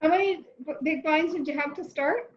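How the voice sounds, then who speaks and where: High-voiced woman asking quick questions over muffled video call audio. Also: echoey room. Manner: asks short clarifying questions. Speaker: poker group member. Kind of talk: casual chat on a video call.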